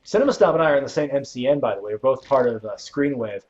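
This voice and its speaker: A man's voice: mid-range voice, lively intonation, fast talker, a little mellow. A young adult male host rambling casually through a game livestream and answering viewer questions, over dull lo-fi audio. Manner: laid-back, rambling, chuckling. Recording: dull lo-fi stream mic.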